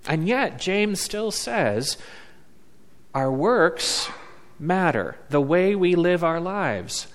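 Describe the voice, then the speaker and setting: A man preaching a sermon as a pastor, slow and deliberate, leaning on words with emphatic pauses. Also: high voice, sing-song. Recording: long reverb of a large hall.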